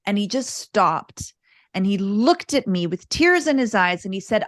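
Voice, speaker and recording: A woman guest on a podcast, a parenting coach telling candid, animated stories in casual interview chat. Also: medium pitch, unhurried. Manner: earnest, animated, candid storytelling.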